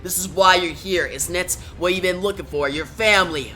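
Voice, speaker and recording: A grim, commanding male antihero speaks low and hushed, as a woman reads him from a comic. His lines come slow and stern, with a bright, forceful edge to the tone.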